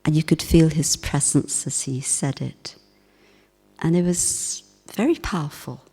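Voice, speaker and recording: A woman giving a spiritual class talk, speaking in a gentle, reflective way with soft emphasis. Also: low voice, unhurried, husky. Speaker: spiritual teacher. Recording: long hall reverb.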